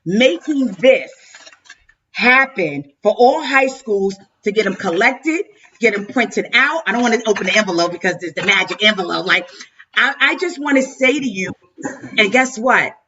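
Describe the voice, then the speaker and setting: A woman's voice: mid-range voice, expressive, normal speed, bright, forceful tone. A woman host giving a heartfelt, effusive tribute over a video call, often stumbling and repeating her words. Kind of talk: emotional live-stream tribute speech. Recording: dull lo-fi video call audio.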